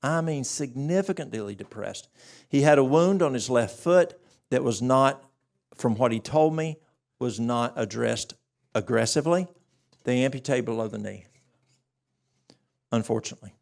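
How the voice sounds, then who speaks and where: A man with a gravelly, slightly rough voice speaks at a church health workshop. He tells his story in an animated way, acting out both sides of a conversation. His pitch sits at an ordinary middle level for a man. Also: moderate pace, long pauses. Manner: animated storytelling, acts out dialogue.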